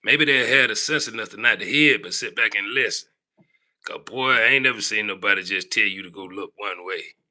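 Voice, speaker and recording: A man hosting a live-stream rant, preachy and scolding, repeatedly tacking "boy" and "man" onto his lines. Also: fairly quick. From Southern United States. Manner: big swings between low grumbling and raised shouting. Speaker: livestream host. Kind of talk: ranting live-stream commentary.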